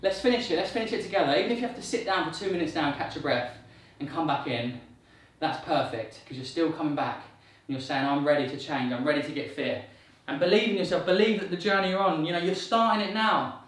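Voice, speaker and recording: A man's voice: fairly high pitch, a bit bright, far from the mic. A man coaching a workout, upbeat and encouraging, counting reps and slightly out of breath. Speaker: fitness coach. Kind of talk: guided workout instruction. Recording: very echoey room, voice off-mic.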